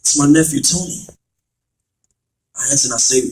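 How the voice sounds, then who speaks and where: A man performing dramatic spoken word poetry, rhyming and building up to shouts. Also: on the high side, normal speed. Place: church. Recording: echoey room, far from mic.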